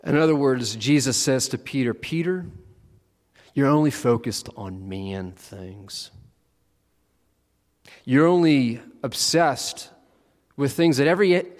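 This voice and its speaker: A man's voice: medium pitch, animated, unhurried, pauses often, long reverb tail. A man preaching a conversational sermon, acting out the disciples with playful asides.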